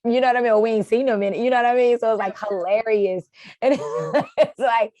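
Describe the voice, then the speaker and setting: A woman's voice: on the high side, steady tone, fast talker, warm tone, dry recording. Slangy, laid-back woman in a dry room. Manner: laid-back slang, laughs often, swears. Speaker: co-host. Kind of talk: casual film review chat.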